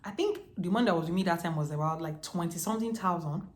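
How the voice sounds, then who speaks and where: A Nigerian woman in her twenties telling a storytime vlog in a lively, chatty way, full of slang. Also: lowish voice, fast. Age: 20s. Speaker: vlogger. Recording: echoey room.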